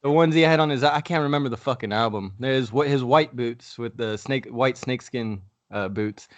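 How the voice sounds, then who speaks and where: A man hosting a podcast, chatting casually and trading quick jokes. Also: medium pitch, no echo, highs cut off. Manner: joking, quick banter. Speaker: podcast host. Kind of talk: casual chat.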